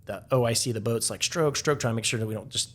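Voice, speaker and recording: Talking very fast in a steady tone, this man with a voice on the low side is a podcast guest. He tells rambling, casual stories, saying "like" constantly and restarting his sentences.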